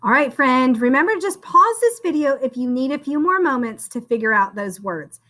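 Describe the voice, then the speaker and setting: A woman teacher giving a slow, sing-song phonics spelling lesson to young children, encouraging them and calling each one "friend". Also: high voice, expressive, sharp tone.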